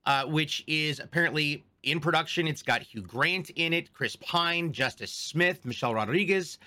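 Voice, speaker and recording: A man's voice: on the high side, moderate pace, bright, forceful tone. A man co-hosting a podcast in casual chat, telling rambling stories. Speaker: podcast co-host.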